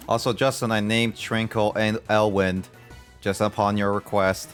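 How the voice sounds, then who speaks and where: A man's voice: lowish voice, level tone, moderate pace, soft background music. A young man streaming a game, chatting casually, laughing often and musing aloud about the game. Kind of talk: casual chat while gaming.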